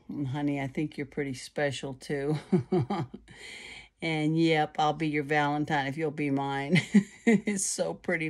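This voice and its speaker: A low-pitched woman talks casually into her phone at home. She rambles warmly through fillers and restarts, showing off crafts to viewers. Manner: chatty, many fillers and restarts. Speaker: card-making vlogger. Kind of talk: casual chat to camera. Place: at home, indoors. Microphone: phone camera.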